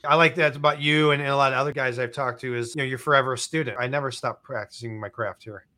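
A man's voice: mid-range voice, steady tone, fast, sharp tone. A man hosting a podcast, chatting casually and agreeing along with his guest. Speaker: podcast host. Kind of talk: casual interview.

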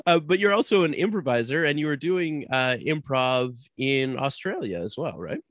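Guy cohost, mid pitch, dry close sound, lots of uh's and little laughs while asking questions. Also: animated, moderate pace, a bit bright, dry recording. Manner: hesitant, many uh fillers, chuckling. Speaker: podcast co-host. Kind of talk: casual interview chat.

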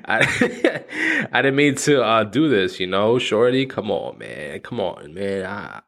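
Man around thirty, fairly low voice, rambling solo podcast talk, profane, self-mocking. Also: big pitch swings, takes it slowly, vocal fry, a bit bright. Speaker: podcast host. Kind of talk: casual solo podcast monologue.

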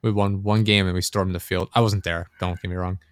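Young man, casual podcast chat, relaxed and profane, dry close mic. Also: sits low, a little fast, dry recording. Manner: laid-back, swears freely, acts out quotes.

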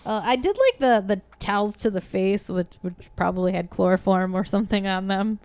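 A woman with a smooth, clear voice chatting about a movie, often quoting what she thought while watching. The sound is close and dry with no room echo. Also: medium pitch, expressive, brisk, a little mellow. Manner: chatty, quotes her own reactions. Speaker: podcast co-host. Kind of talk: casual movie review chat.

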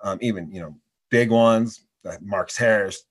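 Excited man swapping stories. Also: on the low side, moderate pace. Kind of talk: casual chat.

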